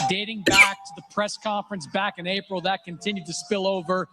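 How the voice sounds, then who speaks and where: A man's voice: high-pitched, fairly even intonation, normal speed, very noisy. A man presenting a boxing broadcast segment in a polished, scripted tone. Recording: broadcast with loud music bed.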